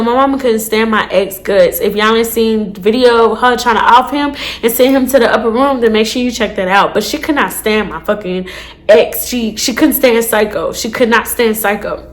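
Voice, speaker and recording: A woman, telling a storytime to her viewers in a casual, profane, animated way. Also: a little high. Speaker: storytime vlogger.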